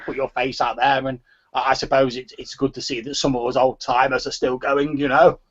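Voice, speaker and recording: A man voicing a frail, rambling old nobleman who stammers and repeats his words in a high, quavering voice. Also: little pitch movement, fairly quick, dull audio, lightly acted.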